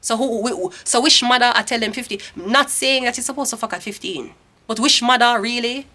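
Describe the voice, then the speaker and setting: A woman in her thirties with a Jamaican accent gives a casual tarot reading, her sharp, somewhat high voice moving a little fast. As the tarot reader, she rants bluntly and swears freely.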